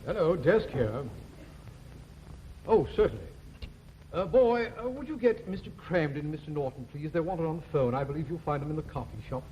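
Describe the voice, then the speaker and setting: A man's voice: on the high side, lively intonation, fairly quick, lightly acted. A man playing a prim, courteous hotel desk clerk in a 1950s TV sitcom. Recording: dull old TV audio, faint hiss.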